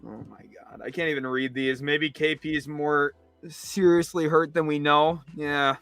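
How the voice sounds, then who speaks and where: A young man hosting a sports livestream, reacting in an exasperated rant that swings between loud outbursts and low mutters. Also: steady tone, unhurried, clean tone, no echo, soft background music. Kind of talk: live reaction commentary.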